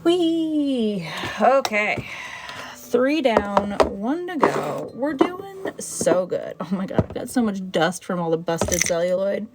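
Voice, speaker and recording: A woman chatting casually on a livestream as she sorts her buttons, excitable and talking to them as she goes. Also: medium pitch, slow pace, heavy background noise. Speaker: button seller sorting her finds on a livestream. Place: indoor room.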